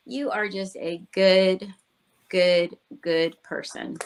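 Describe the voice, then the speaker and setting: A woman's voice: medium pitch, a little slow. A woman hosting an interview over a video call, gushing and effusive in her thanks to her guest. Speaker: host. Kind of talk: casual interview chat.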